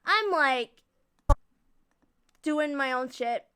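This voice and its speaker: A woman livestreaming in casual chat, answering viewers' questions and gushing like an excitable fangirl. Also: high voice, drawn-out words, no room sound.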